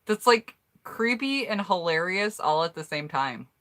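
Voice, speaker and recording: A low-pitched American woman chats on a casual live stream. Her voice is bright and forceful. She answers viewer comments in a blunt, candid way. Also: animated, measured pace. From United States. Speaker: YouTuber hosting a live stream.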